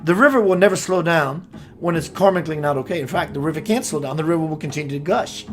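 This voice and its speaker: A man's voice: fairly high pitch, fast. Musing man giving a spiritual talk. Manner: meandering, musing, searching for words. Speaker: spiritual teacher.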